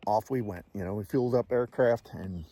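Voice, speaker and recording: A man's voice: fairly low pitch, a little fast, dark tone. A man in his sixties, a Navy veteran telling a casual war story in a blunt, salty way and swearing freely.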